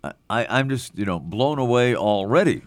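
A man hosting a live talk radio interview, halting with many fillers. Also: mid-range voice, expressive, no room sound. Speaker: radio talk show host.

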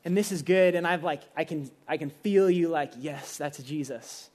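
High-voiced young man preaching emphatically. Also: fairly quick, a little mellow. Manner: casual, emphatic preaching with rising bursts. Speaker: pastor. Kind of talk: sermon.

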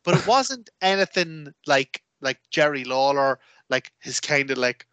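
A man co-hosting a podcast, telling rambling, animated stories in casual chat with lots of fillers. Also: fairly high pitch, measured pace, clean tone, dry recording. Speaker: podcast co-host.

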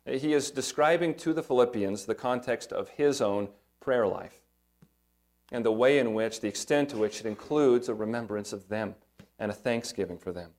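A pastor delivers an earnest, emphatic sermon. His voice sits at an ordinary middle pitch for a man, and he leans on rhetorical questions to draw the congregation in. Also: moderate pace, darkish tone.

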